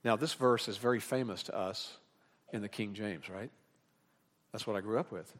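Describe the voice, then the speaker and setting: A man preaching an expository sermon as pastor, rising to emphatic peaks and dropping into relaxed, joking asides. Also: lowish voice, normal speed, pauses often. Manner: animated preaching that rises in emphatic bursts, with asides.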